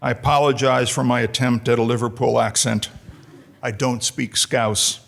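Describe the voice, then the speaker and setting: A man's voice: mid-range voice, steady tone, moderate pace, gravelly, a bit bright. A middle-aged American man from New Jersey, introducing a colleague at a formal lecture with dry, self-deprecating humor. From United States, New Jersey. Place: lecture hall.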